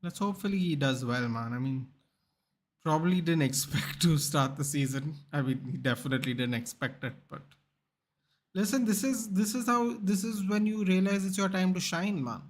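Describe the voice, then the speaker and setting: A man's voice: on the high side, moderate pace. Chatty young man streaming a football match. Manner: animated, chatty, reacts to the game and reads chat. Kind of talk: live casual football commentary.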